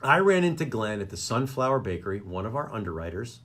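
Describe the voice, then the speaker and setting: Male radio comedy host, bright tense tone, wildly swinging pitch, rants with exasperated energy. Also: quick pace. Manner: animated, exasperated ranting. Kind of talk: comedic rant. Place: radio studio.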